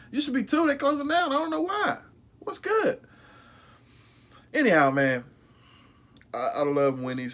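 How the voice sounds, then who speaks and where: A man giving a casual, emphatic fast food burger ranking, slangy and profane, often repeating himself. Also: high voice, a bit bright. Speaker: food reviewer vlogger.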